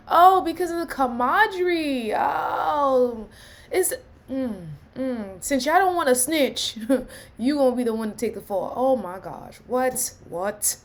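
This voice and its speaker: High, lively woman reacting. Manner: exclaiming and sighing. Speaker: video reactor. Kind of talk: reaction commentary.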